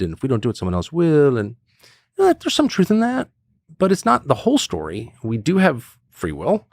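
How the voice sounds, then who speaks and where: Low gravelly guy chatting, lots of restarts and little laughs, voice swoops all over. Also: no echo, clean studio sound. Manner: rambling, restarts and chuckles, lively swings in pitch. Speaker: podcast guest. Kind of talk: casual conversation.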